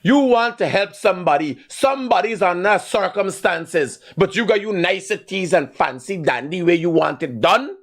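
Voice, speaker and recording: A man's voice: sits high, animated, moderate pace, hardly any pauses, a bit bright. A middle-aged man with a Guyanese accent hosting a live call-in show, talking bluntly and growing heated as he scolds a caller. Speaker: host taking calls.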